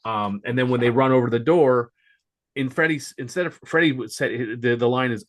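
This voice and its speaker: A man's voice: mid-range voice, brisk. A man as guest co-host on a movie podcast, casually explaining how scenes changed. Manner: explanatory, comparing lines. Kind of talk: casual chat.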